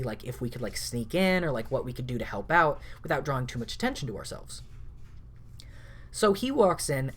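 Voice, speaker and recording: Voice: medium pitch, a bit bright. A podcast host telling a tabletop game story in a rambling, casual way, full of filler words. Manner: rambling, lots of "like" and laughing asides.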